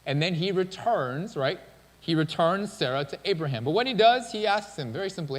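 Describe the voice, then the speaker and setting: A man's voice: high-pitched, expressive, moderate pace. A male pastor preaching a sermon in a casual, conversational storytelling manner. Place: church sanctuary. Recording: long church-hall reverb.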